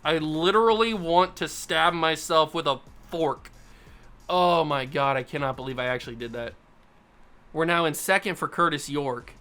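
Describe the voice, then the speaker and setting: A man's voice: a little high, bright, forceful tone, clear, resonant tone. A young man hosting a football video game playthrough, commenting casually and mocking himself as he swings between groans and yelps. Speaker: gaming YouTuber host.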